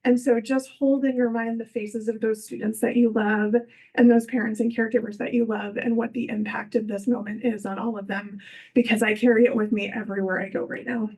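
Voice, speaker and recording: A woman with a fairly high voice speaks at a school board meeting. She makes a heartfelt, appealing case as a community resource. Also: level tone, brisk, mellow, breathy edge, rough recording. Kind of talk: public comment at a meeting.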